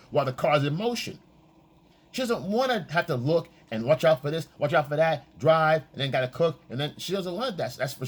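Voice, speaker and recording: Male dating coach, husky tone, lively swooping delivery, casual profane monologue. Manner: animated, acts out quoted lines in a high voice.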